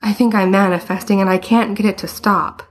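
A woman's voice: medium pitch, steady tone, fairly quick, close to an everyday voice. A woman reading the part of a hesitant, embarrassed teenage boy in a storybook. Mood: flustered. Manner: hesitant, flustered.

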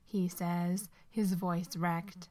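A woman narrating a story aloud in an expressive, steady way. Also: lowish voice, extremely slow.

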